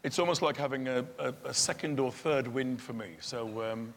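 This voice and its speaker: A man's voice: mid-range voice, normal speed. A chatty man in his fifties tells stories with a ready laugh and puts on voices as he goes. His voice rings with a long hall reverb over a faint hum of room noise. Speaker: guest. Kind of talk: casual chat on stage.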